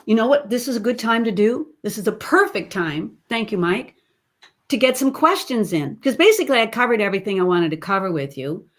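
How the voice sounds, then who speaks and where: A woman's voice: fairly high pitch, big pitch swings, a little fast, rough recording. Woman vocal coach demonstrating singing sounds. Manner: demonstrates vocal sounds with sung and creaky examples. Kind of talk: online singing lesson. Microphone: video call.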